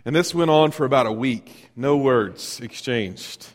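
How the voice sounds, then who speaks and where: A man's voice: mid-range voice, measured pace. Middle-aged male pastor, conversational sermon, echoing hall sound. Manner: storytelling, animated, conversational.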